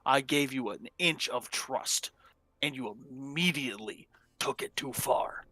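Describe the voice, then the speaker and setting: A man playing a stern male alien companion who lectures quietly and deliberately. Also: medium pitch, fairly even intonation, no room sound.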